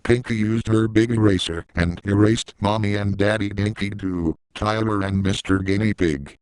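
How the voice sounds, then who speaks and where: A man's voice: on the low side, fairly even intonation, moderate pace, smooth, no room sound, poor audio. A man reading a fan story aloud in a plain way, adding his own side comments. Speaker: story reader.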